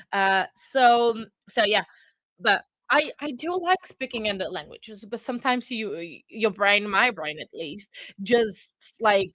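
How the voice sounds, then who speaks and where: A woman's voice: medium pitch, fairly bright tone, dry recording. A woman hosting a casual live stream, chatting and rambling as she reacts, laughing often, on a close microphone. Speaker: livestream host.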